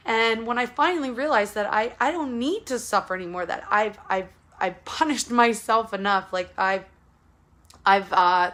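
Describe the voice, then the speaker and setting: A woman's voice: mid-range voice, fairly bright tone. Earnest woman coaching new moms. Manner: earnest, repetitive, speaks straight to the listener. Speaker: postpartum support coach. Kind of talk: casual direct-to-camera advice talk.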